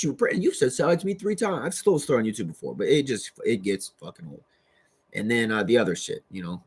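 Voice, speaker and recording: Man, rapid-fire delivery, rambling and agitated, heavy swearing, vlog rant. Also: medium pitch, breathy edge. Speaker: vlogger. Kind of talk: profane ranting monologue.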